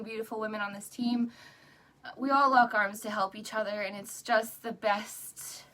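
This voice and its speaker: Tearful woman with a bright voice. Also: fairly high pitch, distant mic. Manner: earnest, encouraging, breaks into little laughs. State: tearful, crying. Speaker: direct sales rep. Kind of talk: emotional live video to a group.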